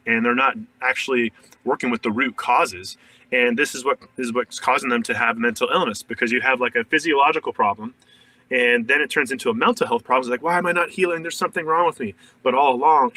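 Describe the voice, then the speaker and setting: A man's voice: medium pitch, bright, forceful tone, recorded from a distance, low-quality recording. A man, a shadow work coach, talking earnestly in a casual podcast interview, full of "like" fillers and restarts.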